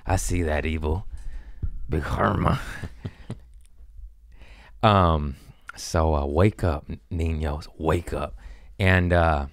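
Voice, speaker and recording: A man's voice: fairly low pitch, no echo, clean studio sound. A man hosting a podcast, riffing in a jumpy, scatterbrained comic monologue and mocking himself as he loses his thread. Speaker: podcast host. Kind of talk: rambling comedic monologue.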